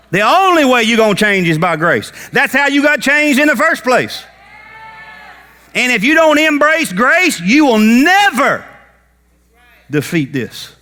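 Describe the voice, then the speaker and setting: A man preaching a sermon as pastor, acting out Bible characters in lively folksy talk. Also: on the high side. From United States.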